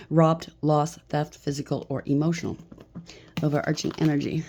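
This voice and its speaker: A woman's voice: deep voice, flat delivery, unhurried, mellow, a little hiss or hum. A woman giving a solo collective tarot reading, chatty and blunt, swearing freely. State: slightly out of breath. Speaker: tarot reader.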